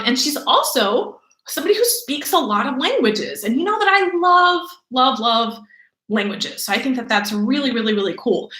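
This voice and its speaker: Lively, bright-voiced woman teacher. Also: on the high side, reverberant, low-quality recording. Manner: animated, chatty, playful. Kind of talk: remote lesson for kids. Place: room at home.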